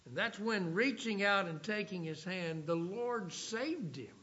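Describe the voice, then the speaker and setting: High bright-voiced male preacher. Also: lively intonation. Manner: reads scripture aloud, slows down for emphasis. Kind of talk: sermon. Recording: dull lo-fi recording.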